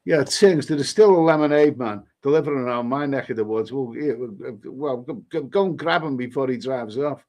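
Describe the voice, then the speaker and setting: A man's voice: mid-range voice, brisk, hardly any pauses, darkish tone. A man hosting a casual live stream, reading viewer comments aloud and chatting about them in a rambling way, repeating phrases and restarting his sentences. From England.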